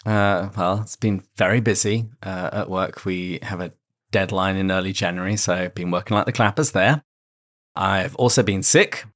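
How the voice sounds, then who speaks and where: A man's voice: low voice, moderate pace, fairly bright tone. A man co-hosting a podcast with a congested voice from a cold, talking in a mild, understated way. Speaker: podcast co-host. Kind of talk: casual podcast chat.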